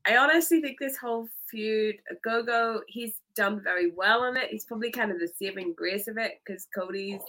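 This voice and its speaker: Bright, enthusiastic woman co-host. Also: on the high side, normal speed, hardly any pauses, low-quality recording. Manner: enthusiastic, giggly, emphatic. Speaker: podcast co-host. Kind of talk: casual wrestling chat.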